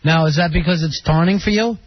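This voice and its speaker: A man hosting a call-in radio show, teasing callers with quick jokes. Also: on the high side, no echo. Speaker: radio host. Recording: dull lo-fi radio broadcast with faint hiss.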